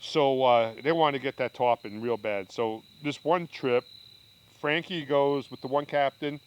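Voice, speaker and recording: A man's voice: mid-range voice, a little slow, clean tone, dull audio. Rambling father telling old stories. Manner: rambling, with restarts and asides. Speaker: podcast guest, father. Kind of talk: casual storytelling.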